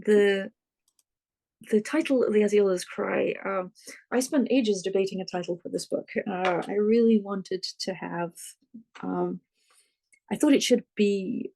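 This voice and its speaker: An author talking thoughtfully about their novel in an interview, often pausing to search for words. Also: mid-range voice, vocal fry, warm tone. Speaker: author, guest. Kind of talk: reflective interview talk.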